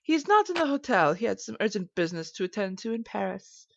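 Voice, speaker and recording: A woman's voice: mid-range voice, big pitch swings, fast, gravelly, slight background noise. A woman voicing a cold, haughty rich hotel-owner woman who speaks curtly and dismissively, in a dull lo-fi recording. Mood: cool, dismissive. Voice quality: curt, dismissive.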